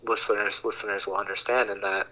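A man in his thirties, a podcast guest, telling a long story in a casual, animated way and acting out the voices he quotes. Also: on the low side, quick pace, muffled recording. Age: 30s.

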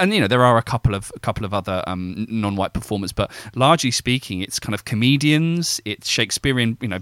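A man guest in a casual academic discussion, talking haltingly with many fillers and restarts. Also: mid-range voice, a bit bright, clear, resonant tone, no echo, clean studio sound. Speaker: podcast guest.

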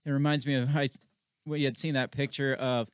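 A man's voice: medium pitch, flat delivery, normal speed, clear, resonant tone, no room sound. Podcast guy being sarcastic, casual chat, dead dry mic. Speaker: podcast co-host.

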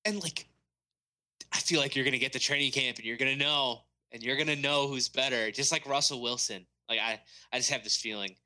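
A man's voice: medium pitch, fairly quick, bright, forceful tone. A young man retelling stories animatedly as a podcast co-host in a casual sports chat.

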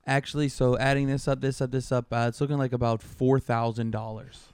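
A man co-hosting a casual podcast, telling stories with lively acted-out dialogue. His voice is smooth and resonant at a mid pitch. The recording is close and dry, with no room sound. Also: brisk, dry recording. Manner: animated storyteller, acts out both sides of a phone call. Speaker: podcast co-host.

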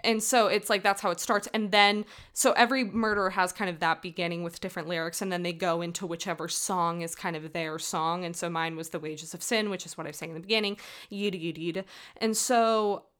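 A woman's voice: mid-range voice, fairly bright tone. A woman in her twenties hosting a podcast, earnestly telling a personal story in a rambling, self-correcting way. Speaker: podcast host.

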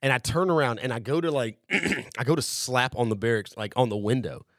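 A man's voice: mid-range voice, expressive, brisk, no echo, clean studio sound. Profane, rambling male storyteller. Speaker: podcast host. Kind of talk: casual storytelling.

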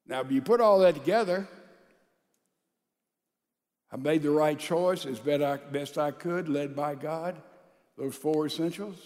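A male pastor preaching a sermon to a large church congregation, calling out to the crowd and swinging between loud and soft. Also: a little high, a little slow, pauses often, big-room sound. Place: large church sanctuary with a balcony.

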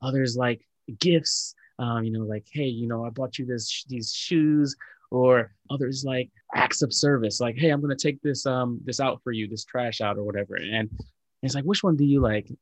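A man's voice: mid-range voice, moderate pace, dry recording. Earnest man rambling with filler likes. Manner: earnest, reflective, many filler likes and restarts. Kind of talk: casual chat.

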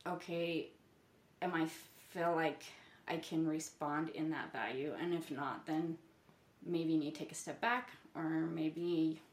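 A woman's voice: low-pitched, fairly even intonation, a little slow. A mother talking in a loose, rambling way with a lot of fillers, as a podcast co-host in casual chat. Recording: echoey room.

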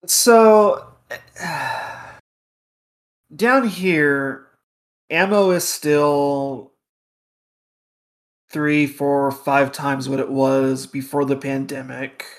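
A man co-hosting a casual podcast, giving measured, thoughtful replies. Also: mid-range voice. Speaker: podcast co-host. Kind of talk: casual chat.

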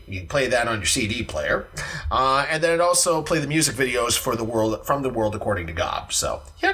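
A man co-hosting a casual music podcast, chatty and animated, with plenty of fillers and restarts. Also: medium pitch. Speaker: podcast co-host.

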